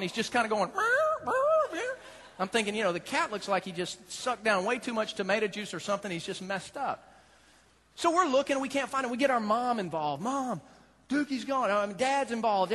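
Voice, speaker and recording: A man's voice: extremely high pitch, pushed and bright, big-room sound. A man preaching a sermon, telling a story in a playful, dramatic way. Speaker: pastor.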